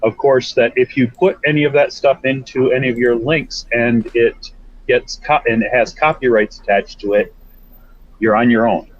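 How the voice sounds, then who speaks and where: A man on a casual panel, explaining things slowly and carefully. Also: medium pitch, fairly even intonation, no room sound, highs cut off.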